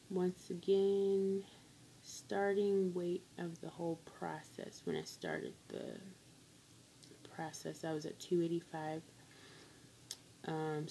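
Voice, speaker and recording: A woman's voice: deep voice, warm tone, a little hiss or hum, low-quality recording. A woman talking casually in a rambling vlog update with many fillers and restarts. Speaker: vlogger. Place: on a work break.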